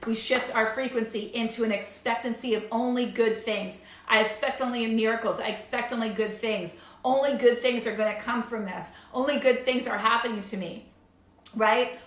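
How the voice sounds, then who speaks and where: A woman's voice: on the high side, fairly bright tone, echoey room. A woman coach giving a motivational masterclass talk, gushing and enthusiastic, full of repeated affirmations. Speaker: wellness coach.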